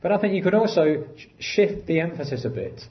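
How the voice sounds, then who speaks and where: A man's voice: lively intonation, a little fast. Earnest male preacher, slightly muffled. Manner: earnest, builds to emphatic lifts and drops to quiet low phrases. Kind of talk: sermon.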